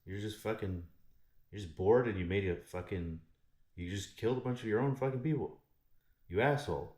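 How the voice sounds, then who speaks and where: Deep-voiced man ranting through a story. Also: moderate pace. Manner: animated, swears constantly, rambling asides. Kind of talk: casual profane storytelling. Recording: echoey room.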